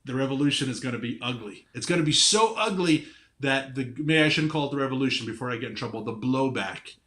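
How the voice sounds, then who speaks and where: Emphatic, animated man. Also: mid-range voice, fast talker. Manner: animated, emphatic, repeats words at starts. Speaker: podcast guest, energy advocate. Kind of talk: impassioned conversational argument.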